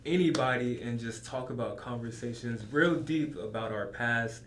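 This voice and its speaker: A man hosting and editing a podcast, speaking calmly and encouragingly with many affirming hums. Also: medium pitch, moderate pace. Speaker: podcast host and editor. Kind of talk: casual chat. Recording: echoey room, faint noise.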